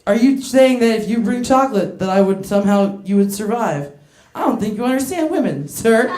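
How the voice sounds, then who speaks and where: A woman's voice: a little high, lively intonation, moderate pace, background noise. Brash woman doing stand-up. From United States. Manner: brash, crude and self-mocking, laughing through her lines and teasing the audience. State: voice getting hoarse. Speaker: stand-up comedian. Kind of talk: stand-up set with crowd work. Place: comedy club stage. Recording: echoey club room.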